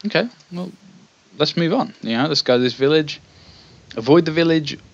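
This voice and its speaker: A man's voice: fairly high pitch, moderate pace, no room sound, dull audio. Chatty man playing a story game. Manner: chatty, self-deprecating asides. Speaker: let's play host. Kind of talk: game commentary reading text aloud.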